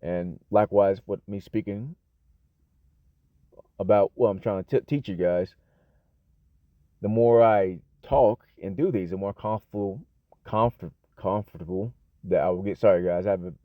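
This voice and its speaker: A man's voice: on the low side, moderate pace, pauses often, no echo. An American man giving an unscripted casual English lesson, rambling with lots of fillers, restarts and self-corrections. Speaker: English teacher. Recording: dull, lo-fi dry sound.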